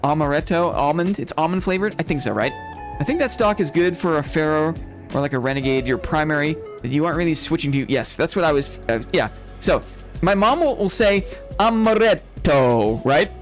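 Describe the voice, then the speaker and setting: A man's voice: a little high, animated, brisk, faint music behind. A young man chatting casually and rambling to his viewers while he plays a game. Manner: chatty, rambling, addresses chat as brother. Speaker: streamer. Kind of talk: casual gameplay chat to viewers.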